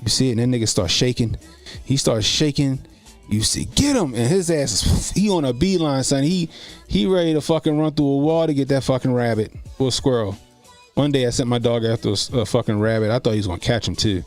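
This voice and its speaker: A man's voice: medium pitch, brisk, a little mellow, soft background music. A man hosting a casual live stream, telling loose, profane, laughing stories and answering chat comments, speaking. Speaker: streamer host.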